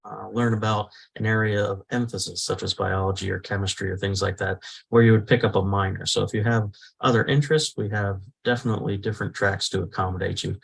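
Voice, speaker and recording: A physics professor giving welcome remarks at an online talk, pausing often with fillers. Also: male voice, lowish voice, fairly even intonation, vocal fry, husky, rough recording. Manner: hesitant, many "uh" fillers.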